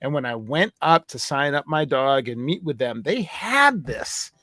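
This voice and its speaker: A man's voice: mid-range voice, animated, a little slow, pushed and bright, no room sound, studio quality. A man hosting a casual review chat, telling rambling stories with frequent restarts. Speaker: host.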